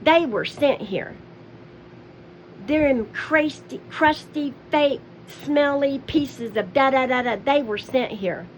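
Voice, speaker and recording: A woman's voice: high voice, takes it slowly, a little hiss or hum. A woman imitating a paranoid woman who repeats accusations about strangers in a muttering voice.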